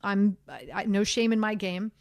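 A woman hosting a sports radio show, chatting in an animated, self-deprecating way with lots of fillers, on a studio microphone. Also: medium pitch, normal speed, no echo. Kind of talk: casual sports talk chat.

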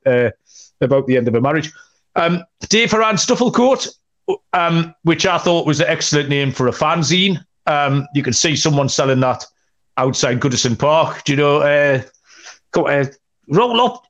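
A man's voice: fairly high pitch, a bit bright. A young man with a slightly raised voice co-hosts a podcast in loose, casual chat. He tells rambling, jokey stories full of ums and asides. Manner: rambling, jokey storytelling with many fillers. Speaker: podcast co-host.

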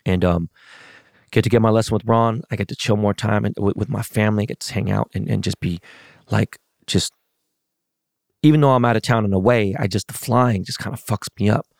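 A man's voice: fairly low pitch, steady tone, a little fast, creaky, a little mellow, no echo, clean studio sound. A middle-aged man in a casual, profane rant, venting about a loss. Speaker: sports fan.

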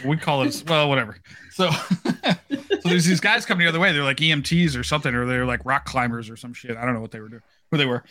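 Bright-voiced American man, laughing host. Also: mid-range voice, fast. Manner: laughing, rambling storyteller. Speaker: podcast host. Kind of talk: casual chat. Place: home, video call.

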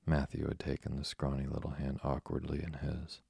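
Man, bedtime story narrator, very deep voice, husky, flat delivery. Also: dry recording, clean studio sound. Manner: slow, soothing.

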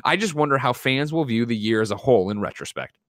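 A man hosting a casual gaming news podcast, talking in an animated way with frequent restarts and reading out listener letters. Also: mid-range voice, fast, no room sound, clean studio sound. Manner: animated, restarts often, reads listener mail. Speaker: podcast host.

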